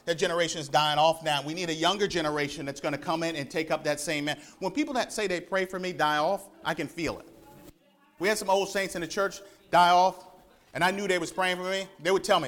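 High-voiced preacher man, animated. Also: fast. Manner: animated, repeats words as he builds up. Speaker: pastor. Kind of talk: sermon. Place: church.

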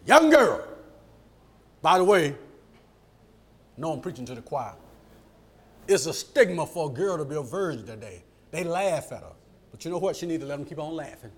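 A middle-aged man preaching a sermon, animated and rising to shouts at his peaks. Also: high voice. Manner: animated, shouts at peaks and acts out quoted voices.

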